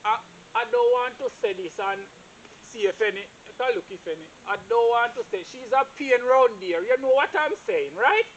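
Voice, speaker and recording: A man voices a short-tempered older homeowner in a Jamaican film, who orders people around in clipped Patois. His voice sits high for a man, over a faint hiss. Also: animated, moderate pace, a bit bright, muffled recording. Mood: confiding. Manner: curt, bossy Patois speech. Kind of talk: Jamaican stage-style movie acting.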